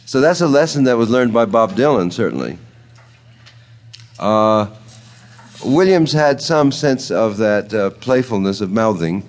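A man with a fairly low voice gives a loose, spoken lecture on poetics. He wanders between thoughts, fills pauses with uh, and chuckles now and then at his own remarks. He sounds out meters aloud with ta-ta syllables. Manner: thoughtful, digressive, hums out rhythms with ta-ta syllables. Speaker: poetry lecturer.

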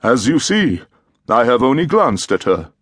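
A man voicing a placid male doctor who speaks calmly and evenly. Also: husky, no room sound, clean studio sound, full character voice. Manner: calm, measured, lower voice.

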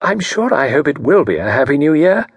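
A man's voice: fairly high pitch, big pitch swings, fairly quick, slightly rough, dry recording, pitched above the performer's own voice, full character voice. A man putting on a placid, prattling older lady hostess. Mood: placid chatter.

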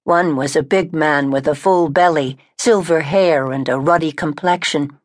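Low-voiced woman narrating an audiobook. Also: moderate pace, no echo, clean studio sound. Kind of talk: scripted first-person narration. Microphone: close studio mic.

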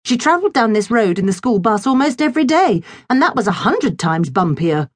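Woman narrator for a children's book, lively and expressive, dry close studio sound. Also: on the high side, fairly quick, no echo. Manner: expressive storytelling. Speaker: audiobook narrator.

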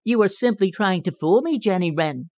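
An indignant young cottontail rabbit, voiced by a male narrator, pitched up and proud, protesting quickly in a storybook. The recording is dry and slightly dull. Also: no echo, lightly acted. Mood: cross. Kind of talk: audiobook character reading.

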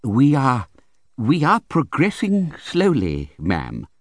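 A man's voice: mid-range voice, huge pitch swings, takes it slowly, dry recording, studio quality, pitched above the performer's own voice, full character voice. A man doing a meek, hesitant doctor. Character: meek, polite male country doctor.

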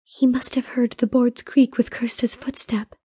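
A woman voicing a cautious young princess in an audiobook, measured and hushed in a commanding way. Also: fairly high pitch, no echo, clean studio sound, natural voice. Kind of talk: audiobook character voice.

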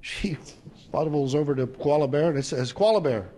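A man's voice: on the high side, fairly even intonation, normal speed, very noisy. A man telling adult stand-up jokes to a live crowd and laughing at his own punchlines. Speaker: comedian.

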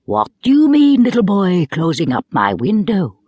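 A woman reading a children's storybook aloud and voicing a gentle, towering female wind spirit who is slightly cross and speaks in a calm, reasoning way. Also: sits low, a little slow, slightly rough, dry recording, full character voice. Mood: reproachful. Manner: calm, reasoning, faintly reproachful.

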